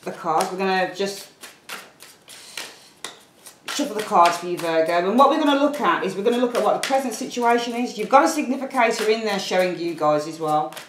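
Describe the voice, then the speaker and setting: Seated at a table at home, a tarot reader from Birmingham, England chats to camera in her Birmingham accent, rambling, apologizing in asides, and calling viewers darlings. Her medium-pitched voice is lively and a little fast, with echo and background noise.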